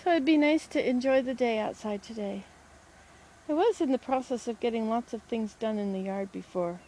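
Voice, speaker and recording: A woman's voice: a little high, moderate pace, dark tone, a little hiss or hum. A woman vlogging casually from home and garden, chatting in a meandering way to the camera and to herself. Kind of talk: casual rambling vlog.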